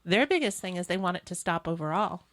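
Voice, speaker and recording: A woman's voice: fairly low pitch, animated, quick pace, a bit bright. A woman hosting a political talk show, speaking in an earnest, opinionated, conversational way. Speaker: host.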